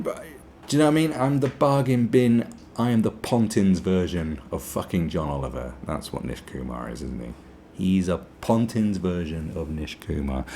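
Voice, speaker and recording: A man's voice: deep voice, darkish tone, a little hiss or hum. A man from Britain hosting a podcast, ranting sarcastically, swearing and mimicking people in mocking voices. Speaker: podcast host. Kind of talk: opinionated podcast monologue.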